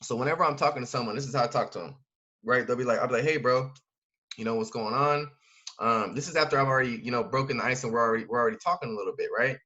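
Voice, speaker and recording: A man coaching in a loose, slangy way, talking fast and stuffing every sentence with fillers. His voice is bright and pushed forward. The recording sounds dull and a little lo-fi. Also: medium pitch, husky. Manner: slangy, filler-heavy, keeps asking "right?". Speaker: network marketing recruiter. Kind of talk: casual coaching talk.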